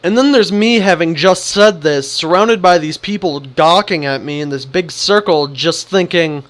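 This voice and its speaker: A young man tells a story in a casual, animated way, slipping into the voices of the people in it. His voice is high for a man. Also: normal speed, hardly any pauses. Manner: animated, acts out the quotes. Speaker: vlogger.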